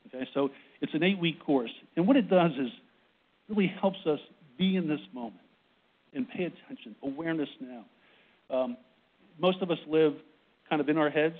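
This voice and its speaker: A man from Boston giving a workplace presentation to an audience, short of breath, who often restarts and keeps checking in with "right?". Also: on the high side. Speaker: presenter on a panel. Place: conference room with audience. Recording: tinny phone-like recording.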